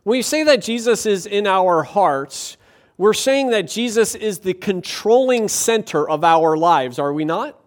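A man's voice: high voice, expressive, unhurried. A man preaching a sermon as pastor, reading scripture and telling anecdotes with light humor, asking the congregation rhetorical questions.

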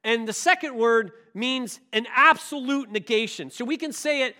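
A male preacher with a strikingly high, bright voice. He delivers his sermon in an animated storytelling way, swinging between loud emphasis and quiet, hushed asides. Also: moderate pace, few pauses. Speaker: pastor.

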